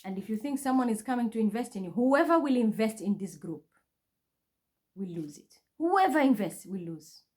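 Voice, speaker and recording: Fairly high in pitch and darkish in tone, her voice is animated and moves at a normal speed. She is a spiritual reader vlogging at home, caught up in an agitated monologue to camera that accuses, repeats and stays intense.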